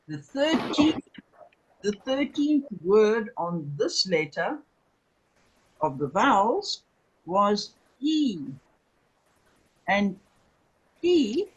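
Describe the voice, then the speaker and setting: A husky, breathy voice teaches at an extremely unhurried pace, lingering on every syllable. The teacher drills each word several times over and keeps asking whether the class is following. The delivery is patient and deliberate, like a lesson for beginners. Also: mid-range voice, low-quality recording. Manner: drills words by slow repetition; patient, checks understanding with "okay?" and "remember". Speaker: Hebrew teacher. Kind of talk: classroom lecture.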